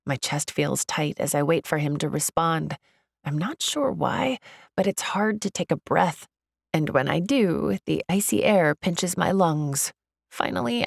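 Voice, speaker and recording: Audiobook narrator: woman, low voice, expressive and upbeat, dry close studio sound. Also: creaky, dry recording. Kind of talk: first-person audiobook narration.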